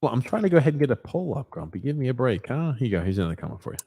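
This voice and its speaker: A man's voice: medium pitch, very animated, very fast, gravelly, warm tone, slightly rough, dry recording, studio quality. A man co-hosting a casual podcast, reading out live viewer comments in a rambling way with many fillers. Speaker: podcast co-host.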